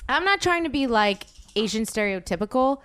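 A young woman hosting a podcast, telling a story in casual chat, animated and swearing often. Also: a little high, brisk, clear, resonant tone. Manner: animated, swearing, slips into excited quoted voices. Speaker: podcast host.

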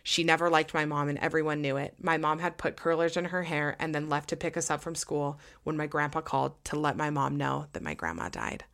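A young woman hosting a podcast, chatting casually and reading listener stories aloud in an excitable way, full of "like". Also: deep voice, brisk, few pauses. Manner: excitable, heavy use of "like". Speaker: podcast host.

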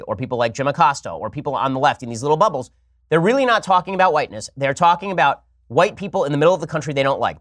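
A man's voice: fairly high pitch, fairly bright tone, dry recording, clean studio sound. A man hosting a political talk show, delivering a sarcastic, argumentative commentary monologue. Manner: rapid-fire, argumentative, sarcastic.

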